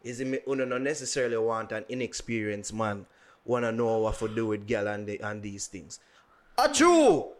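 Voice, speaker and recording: A man with a Jamaican accent co-hosting a podcast in casual chat, animated and often repeating words as he moves between English and patois. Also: fairly low pitch, brisk. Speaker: podcast co-host.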